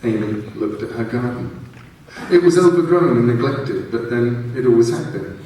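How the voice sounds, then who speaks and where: A man narrates his own story aloud in a measured, storytelling way on a large theatre stage. His voice is heard from far off and rings around the hall, with a faint hum of room noise behind it. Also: medium pitch, warm tone. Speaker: author reading his story. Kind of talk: live reading of fiction.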